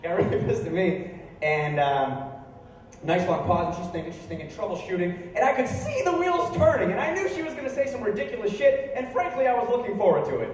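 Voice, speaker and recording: A young man performing stand-up comedy, telling stories in a deadpan way that jumps into incredulous high outbursts. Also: fairly quick, slight background noise. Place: bar venue with a live audience. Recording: echoey room recorded from far off.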